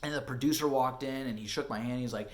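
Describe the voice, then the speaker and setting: A young man vlogging at home about his acting life. His voice sits in a middle register and is casual and chatty, full of "like" and restarts. He swings from quiet, anxious low stretches to loud, high bursts of excitement. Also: fast talker. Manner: animated, swinging from excited to hushed and back, many fillers. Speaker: vlogger and actor. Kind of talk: casual storytelling vlog. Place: home, indoors.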